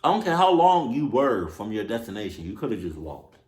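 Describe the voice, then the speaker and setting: A man in his twenties hosting a reaction video, talking casually, swearing often, with loud exclamations. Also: mid-range voice, sing-song, a little fast, roomy sound. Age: 20s.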